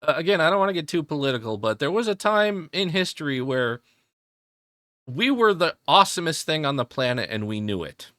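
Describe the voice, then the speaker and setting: A man hosting a reaction video, chiming in with quick joking asides in casual commentary. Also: fairly high pitch, very animated, fairly bright tone, no room sound, studio quality. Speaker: reaction channel host.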